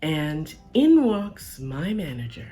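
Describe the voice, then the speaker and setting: A woman's voice: low-pitched, slow, soft background music. A woman telling a personal story in a casual, chatty way, often checking in with the listener. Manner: chatty, animated, keeps checking in with "right?" and "okay?".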